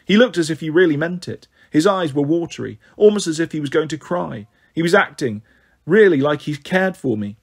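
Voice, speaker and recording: Husky guy reading a kids' book out loud, steady narration, voice a bit high. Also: brisk. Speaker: storyteller. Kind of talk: reading a children's novel aloud.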